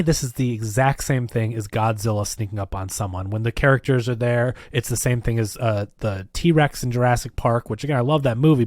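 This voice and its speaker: A man co-hosting a film review show in casual chat, animated as he recaps scenes and argues his points. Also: mid-range voice, no echo, clean studio sound. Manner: animated, acts out scenes with quoted voices. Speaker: film review podcast co-host. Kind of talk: casual movie discussion.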